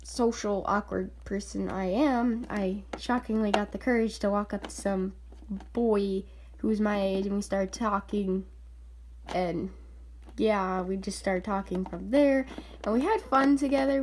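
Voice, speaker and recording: A woman's voice: medium pitch, fairly even intonation, measured pace, a little mellow, slight background noise. A woman vlogger telling a story in casual chat, filler-heavy and quoting voices with animation. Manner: chatty, filler-heavy, often says "like".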